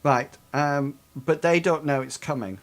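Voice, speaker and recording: A man running a tabletop game as game master, describing combat with many pauses and restarts. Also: fairly high pitch. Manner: hesitant, full of ums and restarts.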